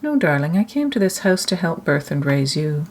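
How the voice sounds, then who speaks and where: A woman reads a gentle storybook nurse with a low, soft voice. She murmurs patiently and reassuringly, coaxing rather than scolding. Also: very animated, normal speed. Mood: soothing.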